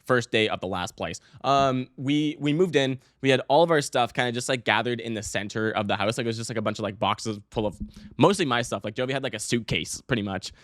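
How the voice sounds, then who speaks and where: A young man hosting his own podcast, telling a rambling, self-mocking story in a casual, animated way with some swearing. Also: medium pitch, brisk, dry recording, clean studio sound. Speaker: podcast host.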